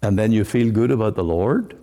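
A man's voice: fairly low pitch, a little fast, warm tone. A man preaching a sermon in an earnest, emphatic way. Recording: long hall reverb.

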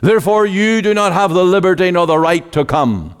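A man preaching a sermon emphatically, with loud rising appeals that drop to low, drawn-out endings. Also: expressive, clear, resonant tone. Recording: long reverb of a large hall.

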